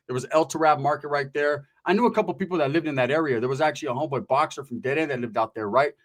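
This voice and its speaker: A man's voice: fairly high pitch, racing, fairly bright tone. A man from Central California telling a comedic story in rambling, profane street slang.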